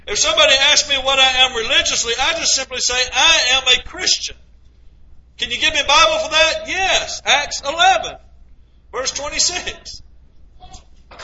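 A man's voice: extremely high pitch, pushed and bright. A man preaching a sermon, quoting scripture and asking his listeners rhetorical questions. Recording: dull lo-fi recording.

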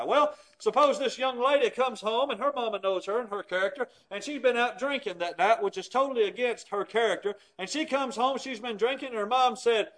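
A man preaching a sermon, telling stories and acting out quoted voices, with sudden drops to a hush. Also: very high voice, fairly quick, few pauses. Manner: storytelling, acts out quoted voices, dramatic drops in volume.

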